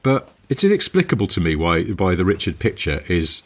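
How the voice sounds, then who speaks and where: A British man co-hosting a casual podcast, telling animated anecdotes and chuckling. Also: low-pitched, fairly quick. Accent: British English. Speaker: podcast co-host. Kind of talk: casual chat.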